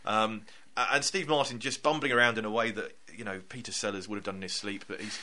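A man with a lowish voice talks quickly and casually about films as a podcast co-host, with slight background noise. An animated storyteller, he tells stories and acts out his own thoughts in quotes.

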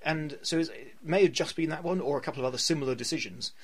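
A man's voice: a little high, quick pace, slightly rough. A man hosting a podcast, giving chatty and opinionated film talk with a wry edge. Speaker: podcast host. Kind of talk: casual film chat.

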